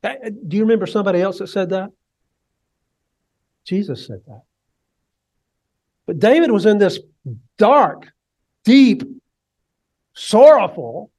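High-voiced preacher with soaring swings. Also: male voice. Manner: dramatic, swings from hushed to soaring cries; leads the congregation in call and response. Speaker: pastor. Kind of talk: sermon.

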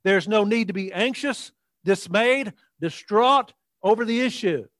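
A man preaching a sermon, reading scripture slowly and repeating key lines for the congregation to say with him. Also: high voice, fairly bright tone, dry recording. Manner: emphatic, slows down for scripture and repeats key phrases; leads the congregation in call-and-response.

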